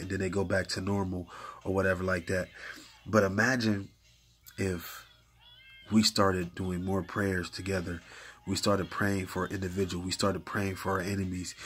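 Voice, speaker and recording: A man talking casually about faith and prayer, conversational and full of fillers, getting animated as he retells stories. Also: sits low, breathy edge. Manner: conversational, uses many fillers like "you know what I'm saying"; gets animated and hyped when retelling stories. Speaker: faith speaker.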